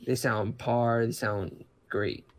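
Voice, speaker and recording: A man's voice: mid-range voice, fairly even intonation, slow pace. A man chatting casually about laptops, rambling, with many restarts and fillers. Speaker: podcast co-host. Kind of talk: casual chat.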